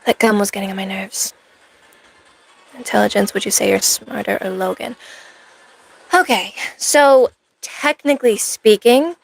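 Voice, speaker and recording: Brief: woman streamer, in-character cosplay chat, sarcastic rambling banter, vocal fry. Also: mid-range voice, a bit bright, dry recording.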